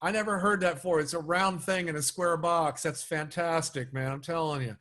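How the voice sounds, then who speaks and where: A man's voice: a little high, steady tone, fairly quick, fairly bright tone. A man leading a live online sales training, coaching and urging participants on over a video call.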